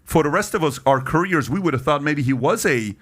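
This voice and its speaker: A man's voice: on the high side, expressive, brisk, fairly bright tone. A man hosting a podcast panel discussion, talking emphatically and cutting in with repeated objections. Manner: emphatic, interrupts with repeated "but". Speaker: podcast host.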